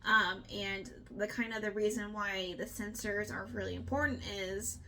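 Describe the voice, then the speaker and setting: A young woman co-hosting a casual book discussion, chatty and animated, swearing now and then and acting out what characters say. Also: mid-range voice, moderate pace, a little hiss or hum. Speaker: book club co-host.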